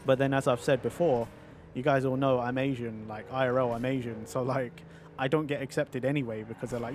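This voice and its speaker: A man's voice: medium pitch, fairly even intonation, brisk, slight background noise. A man with a London accent chatting casually and swearing freely as he streams a game and answers chat. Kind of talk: casual chat while gaming.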